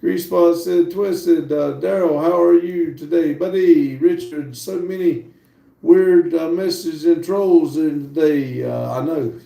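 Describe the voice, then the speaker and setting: Man, gravelly mellow voice, casual livestream host reading chat, roomy room, mic set back. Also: a little high, unhurried. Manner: relaxed, chatty, laughs easily. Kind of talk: casual live stream, reading viewer chat aloud. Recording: roomy sound from a distant mic.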